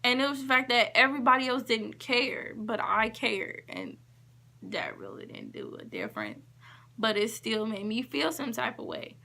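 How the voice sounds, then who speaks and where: A woman vlogger telling a story in a casual, emphatic way, acting out what people said and shifting between quick and drawn-out phrases. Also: a little high, vocal fry. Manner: emphatic, animated retelling with quoted dialogue.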